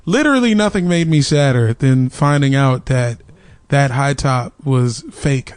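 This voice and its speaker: A man's voice: medium pitch, a little slow, clear, resonant tone, no room sound. A man who does stand-up, telling family stories in slangy, laughing casual chat. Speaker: stand-up comedian.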